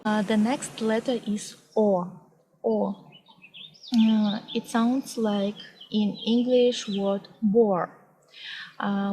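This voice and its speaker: A young woman with a Russian accent teaches her native alphabet in a casual vlog lesson. She talks slowly and deliberately, repeating every example word, at a pitch that sits in the middle of the range. Faint outdoor noise stays under her voice. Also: a little mellow, poor audio. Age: young adult. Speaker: language teacher. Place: outdoors on a hot day.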